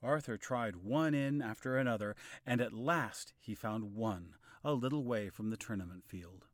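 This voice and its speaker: A man narrating a storybook in a clear, expressive style. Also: fairly low pitch, moderate pace.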